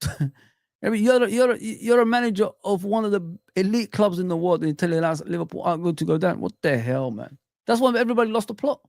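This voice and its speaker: A middle-aged man hosts a live football stream, ranting with passion and firing rhetorical questions straight at his viewers and chat. His voice is high and creaky with a slightly mellow edge, and he talks fast with lively intonation. The recording is clean studio sound with no room tone.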